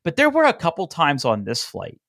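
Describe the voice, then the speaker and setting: A man's voice: fairly high pitch, fairly quick, creaky, dry recording, clean studio sound. A man co-hosting a casual podcast, telling a story with lots of filler words and acting out the dialogue of the people in it. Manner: animated storytelling, acts out quoted dialogue; frequent "like" fillers and restarts. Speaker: podcast co-host. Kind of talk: casual chat.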